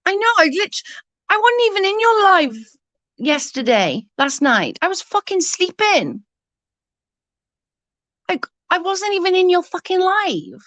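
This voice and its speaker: A woman's voice: very high-pitched, very animated, unhurried, pauses often, fairly bright tone, dry recording. A young adult woman ranting heatedly in casual chat, swearing often and restarting her sentences. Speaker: livestream guest.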